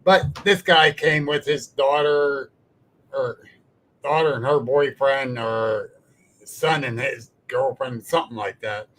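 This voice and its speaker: A man hosting a podcast, telling a story in a blunt, salty and animated way. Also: medium pitch, slow, poor audio. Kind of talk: casual storytelling chat.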